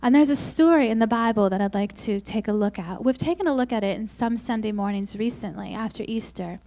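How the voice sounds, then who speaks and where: A woman speaking at a Christian women's conference, telling self-mocking, humorous stories and acting out quoted lines in a higher, louder voice. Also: a little fast. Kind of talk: faith-based conference talk.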